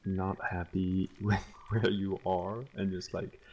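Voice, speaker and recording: A game developer guest talking casually and haltingly, with plenty of restarts. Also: male voice, sits low, flat delivery, darkish tone, lo-fi sound, slight background noise. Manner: halting, laid-back. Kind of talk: casual chat.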